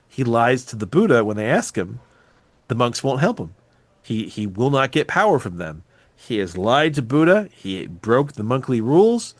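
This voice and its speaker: Animated man recapping a film. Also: mid-range voice, normal speed, dry recording. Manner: animated, profane storytelling. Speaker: podcast host.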